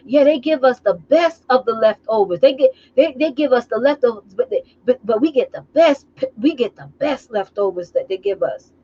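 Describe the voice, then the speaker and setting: A woman's voice: fairly high pitch, lively intonation, moderate pace, few pauses, warm tone, husky, lo-fi sound. A woman mimicking a meek, fawning older woman in a whiny, quavering voice. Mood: pleading.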